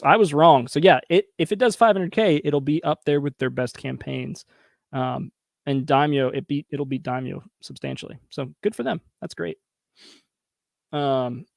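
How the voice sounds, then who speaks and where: A man in his thirties hosting a casual review show, chatty and quick to laugh, talking straight to his viewers. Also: a little high, gravelly, a little mellow, dry recording, studio quality. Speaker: host reviewing crowdfunding pages. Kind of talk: casual commentary.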